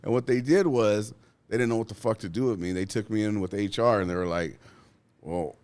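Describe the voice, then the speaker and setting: A man, a union steward guest, telling work stories in a casual, profane and animated way, acting out what people said. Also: lowish voice, quick pace. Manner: profane, animated, acts out quotes. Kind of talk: casual storytelling.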